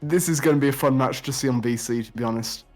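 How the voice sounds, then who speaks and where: A man as a guest on a casual podcast, easygoing and quick to laugh. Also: medium pitch, a little mellow, soft background music.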